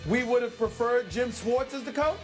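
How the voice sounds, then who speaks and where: Emphatic high-voiced man debating sports. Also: faint music behind. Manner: emphatic, drawn-out dramatic delivery.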